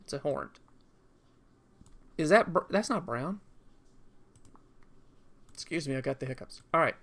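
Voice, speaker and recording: A man's voice: on the high side, expressive, unhurried, a bit bright. A man streaming a video game in casual commentary, rambling and talking to himself as he goes. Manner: rambling, talks to himself while drawing.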